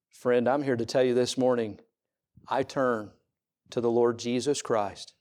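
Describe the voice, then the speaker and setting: A middle-aged male pastor gives an unhurried sermon in a medium-pitched voice with fairly even intonation. He repeats rhetorical questions and moves between loud, resonant lines and soft ones.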